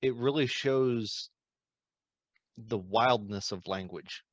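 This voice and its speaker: A man's voice: medium pitch, slow pace, dry recording. A man co-hosting a podcast in a laid-back casual chat, mostly giving short replies. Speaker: podcast co-host. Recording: dull lo-fi sound.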